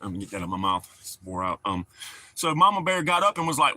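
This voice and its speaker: A man's voice: mid-range voice, sing-song, fast talker, sharp tone. A middle-aged man, chatting casually and rambling to his livestream viewers. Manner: rambling, folksy, talks to the chat. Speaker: livestream host.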